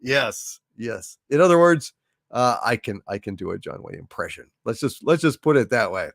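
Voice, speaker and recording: A man's voice: medium pitch, moderate pace, gravelly, no room sound, studio quality. A man hosting a comedy livestream, chatting casually and bluntly as he reads out viewer messages, with some swearing. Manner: blunt, rambling, animated, swears freely.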